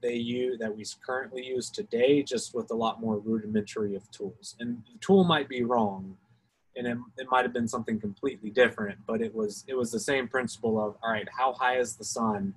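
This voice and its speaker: Husky Alabama man explaining navigation. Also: mid-range voice, fairly even intonation, fairly quick, poor audio. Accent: Alabama Southern US. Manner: explanatory, self-hedging, talks through steps. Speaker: Coast Guard guest expert. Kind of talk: informal technical Q&A talk.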